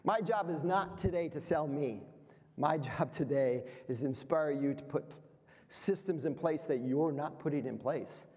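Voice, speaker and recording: A man's voice: fairly high pitch, unhurried, darkish tone. A man in his fifties giving a motivational seminar talk to business owners, playful and self-deprecating, quizzing the audience. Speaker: speaker at a business workshop. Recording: reverberant hall sound.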